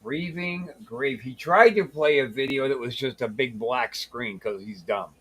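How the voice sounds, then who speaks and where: A man's voice: medium pitch, moderate pace, a bit bright, breathy edge. A man hosting a casual comedy show, talking in a sarcastic, teasing and profane way. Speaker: host.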